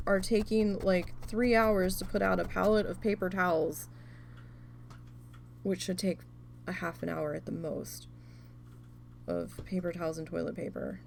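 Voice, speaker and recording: A woman's voice: medium pitch, normal speed, creaky, a little hiss or hum. A woman telling a story in casual, profane chat, acting out quoted back-and-forth while she works on a craft. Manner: animated, profane venting with quoted dialogue. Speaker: craft video host.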